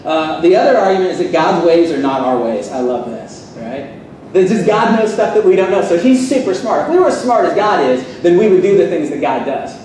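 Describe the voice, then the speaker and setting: A man's voice: high-pitched, big pitch swings, brisk, a little mellow, slight background noise. A man giving a sarcastic, fired-up debate speech to a live audience at a seminary. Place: seminary hall. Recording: echoey hall, distant mic.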